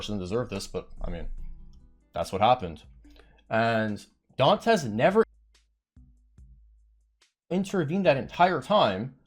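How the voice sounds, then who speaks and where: Man ranting in a lively swing. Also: medium pitch. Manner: heated, rambling, profane. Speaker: streamer. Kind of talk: ranting story on stream.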